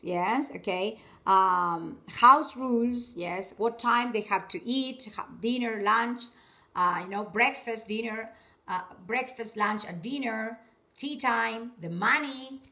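A woman's voice: a little high, a bit bright. A woman teaching an English class. She keeps checking understanding with "yes, okay?". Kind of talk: online class instruction. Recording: echoey room, distant mic.

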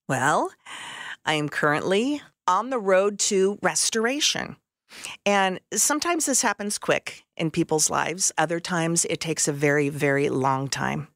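A woman's voice: sits low, lively intonation, unhurried, a bit bright, dry recording, studio quality. A middle-aged woman telling her personal faith story, earnest and heartfelt. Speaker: podcast host sharing her testimony.

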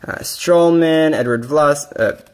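A man narrating a card-opening session at home in a casual, excitable way, bursting into yelling over big pulls. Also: fairly high pitch, slow pace. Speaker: card-collecting YouTuber.

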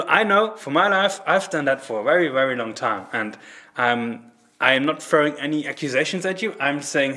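Man, German native speaker, preacher, earnest sermon, conversational, mid-pitched voice. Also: moderate pace, pushed and bright. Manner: earnest, conversational, with frequent restarts and acted prayers. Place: church service.

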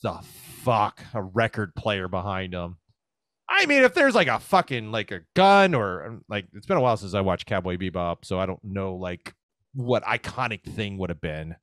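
A man hosting a podcast in casual, profane chat, joking with a dark sense of humor. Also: fairly low pitch, very animated, normal speed, no room sound, clean studio sound. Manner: jokey, swears often, dark humor. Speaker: podcast host.

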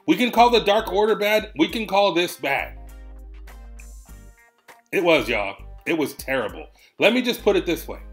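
A man in his young adult years ranting with exasperation in a wrestling commentary vlog, loud and emphatic with big swings. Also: sits high.

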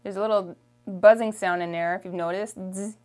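A woman's voice: mid-range voice, fairly even intonation, darkish tone. A woman from Canada with a Canadian French accent, teaching a vocabulary lesson patiently and checking in with her viewers. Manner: patient, repeats each word slowly, checks in with "okay?". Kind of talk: slow language lesson.

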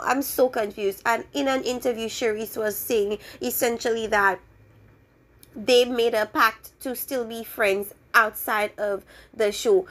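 A woman's voice: on the high side, fairly bright tone. A young woman hosting a casual vlog and ranting with exasperated opinions about a reality show. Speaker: reality TV reviewer.

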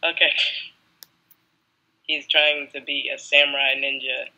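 A hoarse woman chats her way through a gameplay video, her voice low and unhurried. Her tone is strikingly bright despite the rasp, and she drawls her way through the outro. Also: flat delivery, muffled recording. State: hoarse, coughing. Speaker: gaming channel host. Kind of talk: casual gameplay commentary.

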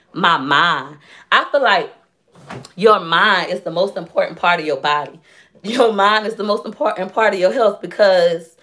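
A woman. She talks straight to her viewers, warm-hearted and moved, sharing her faith with open emotion. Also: mid-range voice. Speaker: livestream host and shop owner. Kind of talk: casual livestream chat.

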